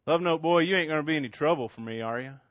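A scruffy drunken man, put on by a male storyteller, sneering and boorish as he taunts. The voice sits high and gets loud, recorded dry and close with no room sound. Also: fast, no echo, lo-fi sound, natural voice. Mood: taunting.

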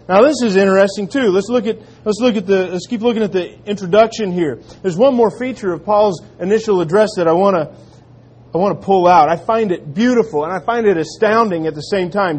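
Earnest high-voiced preaching man. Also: fairly quick, husky. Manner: earnest preaching, dropping to quiet emphatic lines. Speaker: pastor. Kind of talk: sermon.

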